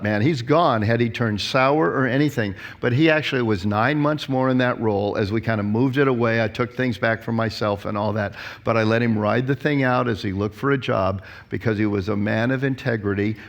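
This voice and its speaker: Animated older pastor telling stories. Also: male voice, mid-range voice, moderate pace, gravelly, hardly any pauses. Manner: storytelling, animated, acts out quotes. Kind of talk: conference talk with stories.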